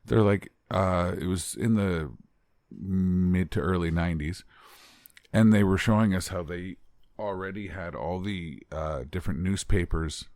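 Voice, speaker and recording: A man co-hosting a casual true-crime podcast, chatty and wry, tossing in quick quips. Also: sits low, a little mellow, no echo, studio quality. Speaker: podcast co-host.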